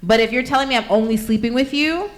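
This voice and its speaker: A woman hosting a casual group chat, telling a story with lively acted-out quotes. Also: on the high side, fast. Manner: animated storytelling, acts out quotes. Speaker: radio show host.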